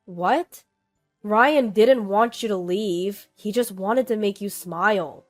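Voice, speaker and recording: A woman voicing a hurt, shaken young wife and mother who speaks weakly and quietly, with faint background music. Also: medium pitch, slow, dry recording, natural voice.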